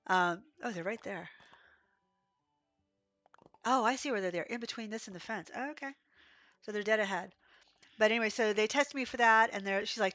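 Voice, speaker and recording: A hoarse woman with a cough chats her way through a gameplay stream, rambling from one story to the next. Her voice is bright and a little sharp even through the sickness, and the sound is close and dry, with no room around it. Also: mid-range voice, moderate pace, long pauses, no room sound, muffled recording. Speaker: game streamer. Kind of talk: casual livestream chat while playing.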